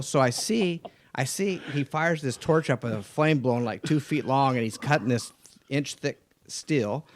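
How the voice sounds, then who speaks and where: A man's voice: mid-range voice, moderate pace, slight background noise. A man, a race car driver, telling stories in a casual studio chat and acting out the people he quotes. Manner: animated, acts out quoted voices. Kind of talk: casual storytelling.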